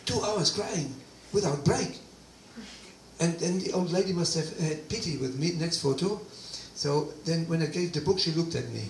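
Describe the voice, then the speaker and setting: Animated male speaker telling his testimony; gravelly voice, recorded from afar in a roomy hall with faint ambience. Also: fairly high pitch, moderate pace, distant mic, a little hiss or hum. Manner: animated storytelling with quoted dialogue. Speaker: guest speaker. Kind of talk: personal testimony talk.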